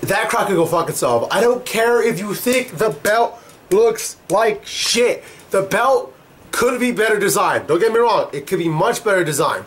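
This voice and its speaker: A man's voice: sits high, animated, normal speed, a bit bright. A young man giving a heated, profane rant as a wrestling commentary vlogger. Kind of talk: ranting commentary.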